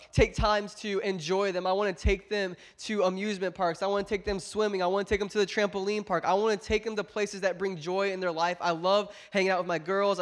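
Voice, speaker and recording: A young pastor preaching a sermon to his congregation, a little stuffed up from a cold, building to emphatic, loud exhortation between warmer, quieter asides. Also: high voice. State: congested from a cold. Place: church service with a congregation.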